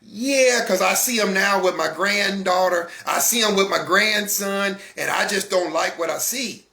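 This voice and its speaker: A man's voice: high voice, a little slow, sharp tone, full character voice. A man voicing a defensive, pleading older grandmother who justifies how strictly she raised her son. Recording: echoey room.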